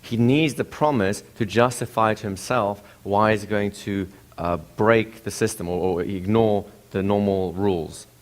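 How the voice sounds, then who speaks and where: A man giving a lecture, telling a story with rhetorical questions to the audience in an animated way. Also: fairly low pitch, measured pace, few pauses. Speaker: seminar presenter.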